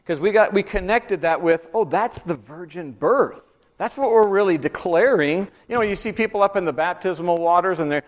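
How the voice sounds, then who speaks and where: A man leads a Bible class in a conversational teaching style, walking his listeners through an outline. His voice sits fairly high for a man. When he drives home a point, his pitch climbs and he grows emphatic. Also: fairly quick. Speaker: church teacher.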